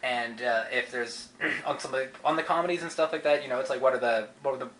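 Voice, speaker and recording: A man's voice: medium pitch, quick pace, fairly bright tone, a little hiss or hum, poor audio. A man, a podcast guest explaining his show in loose, rambling talk full of fillers and restarts. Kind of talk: casual interview chat.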